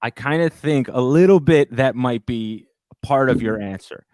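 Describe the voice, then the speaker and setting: A man's voice: medium pitch, moderate pace, a little mellow, clear, resonant tone, dry recording, studio quality. A man co-hosting a comedy podcast, laid-back and wry in casual banter. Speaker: podcast co-host.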